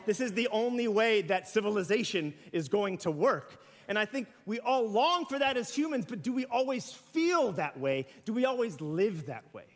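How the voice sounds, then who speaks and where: Delivering a relaxed, conversational sermon in a church sanctuary, a pastor who is a young adult to middle-aged speaks in a notably high voice. He poses questions to the congregation and acts out everyday examples, all under a long hall reverb.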